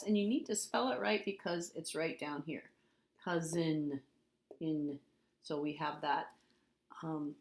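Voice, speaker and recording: In a recorded spelling lesson, a woman teacher with a lowish voice patiently repeats words and spells them out letter by letter.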